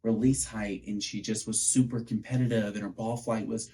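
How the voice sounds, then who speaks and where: A man, co-hosting a podcast and telling coaching stories in a lively, animated way. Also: lowish voice, normal speed. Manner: animated storyteller, acts out quotes. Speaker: podcast co-host, pitching coach. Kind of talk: casual chat.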